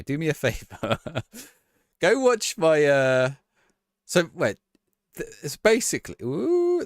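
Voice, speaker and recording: A man's voice: medium pitch, no room sound, studio quality. A man chatting casually to his viewers on a live stream, laughing and reacting to a match as he talks. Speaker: livestreamer.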